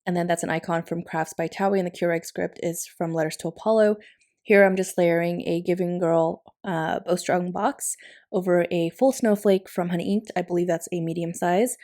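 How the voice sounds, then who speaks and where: A woman with a steady, lowish voice speaks at normal speed in a recorded voiceover for her planner-decorating vlog. Her narration is chatty, casual and warm-hearted, with frequent light laughs.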